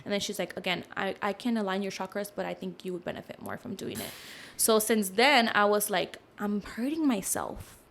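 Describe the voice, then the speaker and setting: A young woman, a podcast guest, telling a personal story in a casual, animated way, full of fillers, with lowered voices when she quotes others. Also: a little fast, hardly any pauses, a little hiss or hum.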